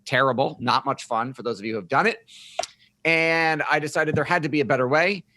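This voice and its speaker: Bright-voiced upbeat man telling his story. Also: on the high side, slight background noise. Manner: upbeat, joking, brisk storyteller. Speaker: podcast guest, marketing firm founder. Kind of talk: casual interview storytelling.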